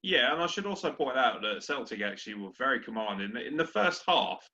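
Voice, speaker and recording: A man's voice: mid-range voice, lively intonation, fairly quick, sharp tone. A young man, a podcast co-host in casual sports chat, brash, sweary and ranting. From Britain. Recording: dull lo-fi audio.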